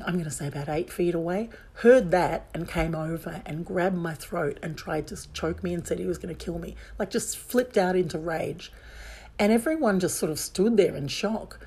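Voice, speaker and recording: A woman's voice: lowish voice, dark tone, slightly rough. A woman telling a personal story in a candid, emphatic way, circling back and restarting her sentences as she goes.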